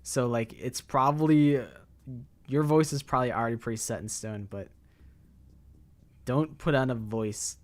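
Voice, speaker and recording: A man's voice: mid-range voice, normal speed, pauses often. Young male streamer, casual rambling chat, loose and profane. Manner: rambling, swears, filler-heavy.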